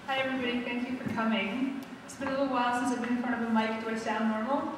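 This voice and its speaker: Recorded from far away in an echoey opera centre hall, a woman author introduces her novel in a chatty way at a live event before reading a first-person scene. She talks fast in a higher voice with a steady tone, and the audio is very noisy.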